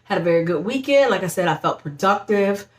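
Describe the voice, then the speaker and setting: A woman's voice: medium pitch, animated, a little fast, roomy sound. A young woman vlogger chatting casually at home about her pregnancy, bubbly and talkative, laughing often and saying y'all. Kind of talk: casual pregnancy vlog chat.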